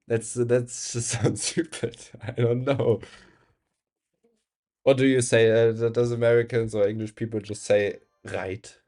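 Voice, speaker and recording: A man's voice: medium pitch, steady tone, unhurried, darkish tone. A young man with a German accent, a non-native speaker, chatting casually on a live game stream, reading chat aloud and laughing often.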